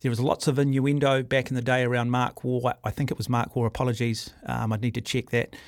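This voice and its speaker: A middle-aged New Zealand man hosts talkback sports radio from a studio mic, forthright and ranting in an average-pitched voice. The sound is close and dry, with no room around it. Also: little pitch movement, fairly quick, dry recording. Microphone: studio microphone.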